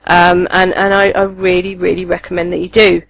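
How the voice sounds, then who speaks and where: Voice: mid-range voice, level tone, a little fast, vocal fry, a bit bright, low-quality recording. Enthusiastic rambling podcast host. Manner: enthusiastic, rambling, many ums and restarts. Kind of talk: casual chat reviewing comics.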